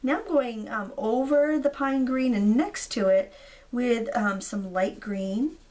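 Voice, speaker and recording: A woman in her thirties, a hoarse craft video host, talking casually through a tutorial with many relaxed ums. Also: a little high, slow. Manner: chatty, relaxed, frequent ums. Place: indoors at a craft table.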